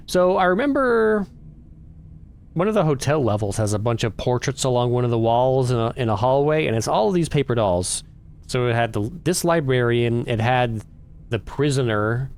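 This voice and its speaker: A man's voice: mid-range voice, a little mellow. A man hosting a casual let's play, chatting and reading the game's text aloud. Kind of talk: casual gameplay commentary.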